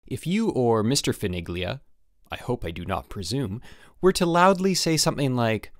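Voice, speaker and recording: A man narrating an audiobook in the first person as a letter, with an emphatic, animated delivery. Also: medium pitch, normal speed, no room sound, studio quality. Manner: animated, emphatic on the product name. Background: faint background music.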